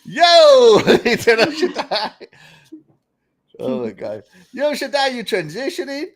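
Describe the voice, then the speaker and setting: A man hosting a casual gaming podcast, giggly and excitable, laughing through his lines. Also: very high voice, measured pace. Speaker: podcast host.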